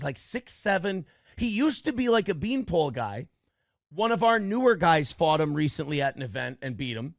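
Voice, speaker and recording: A middle-aged man with a gravelly, fry-tinged voice sits a bit high for his register. He rambles through casual stories to his audience, slipping into quoted back-and-forth. The sound is dry and close, with no room around it. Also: a bit bright, no room sound. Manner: rambling anecdotes, quoting others in conversation. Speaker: streamer host. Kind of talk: casual chat.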